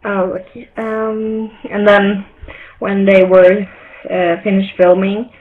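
A woman's voice: mid-range voice, little pitch movement, takes it slowly. A woman telling a story hesitantly over a video chat. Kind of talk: casual anecdote. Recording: tinny video-call audio, faint hiss.

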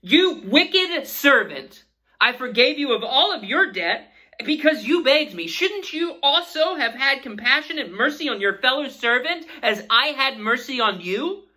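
A woman's voice: sits high, expressive, unhurried, bright, forceful tone, voice pushed up, exaggerated voice, rough recording. A woman voicing a stern, angry king who scolds his servant in a raised voice. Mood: scolding.

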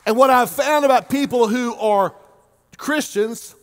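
A man from Oklahoma preaches a sermon as lead pastor, his voice pitched high for a man. He jokes freely and stretches words out for emphasis. He swings from loud bursts to near-murmured asides. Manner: animated, joking, swings between loud and quiet, drawn-out emphasis.

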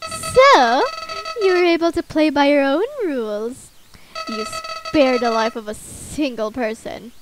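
A woman voicing a creepy, scheming talking flower from a game, reading slowly with mock menace. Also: high-pitched, sing-song, noisy background. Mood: menacing.

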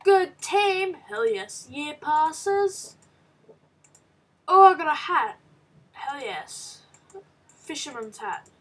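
A woman playing through a game, excitable and reading the game's text aloud with quick reactions. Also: high-pitched, recorded from a distance. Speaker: let's play gamer. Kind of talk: casual game commentary.

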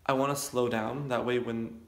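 A man's voice: medium pitch, steady tone, moderate pace, vocal fry, echoey room. A young man rambling casually to camera in his home kitchen, chatty and self-deprecating. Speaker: vlogger. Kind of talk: casual vlog chat.

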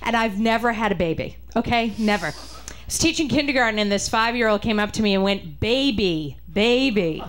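A woman's voice: fairly high pitch, quick pace, a bit bright. A woman from Boston with a Boston accent, doing a stand-up comedy set with a chatty, punchy delivery aimed at the audience. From Boston, Massachusetts.

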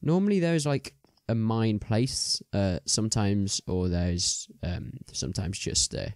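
A man's voice: on the low side, unhurried, a little mellow, dry recording, clean studio sound. A young man chatting casually as he plays a game, rambling with many ums and restarts. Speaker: gaming video host.

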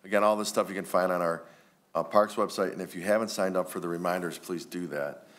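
A man with a low voice addresses a township board meeting. He talks in a friendly, rambling way, full of ums and asides. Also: steady tone, quick pace. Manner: warm, rambling, many ums. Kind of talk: public meeting remarks.

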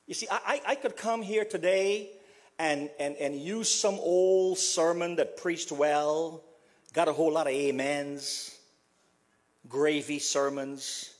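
A man from South America preaching a funeral sermon as pastor, repeating a refrain softly and building to emphatic passages. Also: steady tone, slow. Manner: repeats a refrain, dropping to a soft low voice.

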